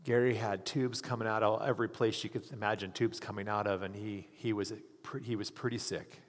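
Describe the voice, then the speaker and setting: A man's voice: on the low side, steady tone, a little fast. A hospital chaplain telling a story in a sermon, earnestly acting out the people he quotes. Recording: long hall reverb.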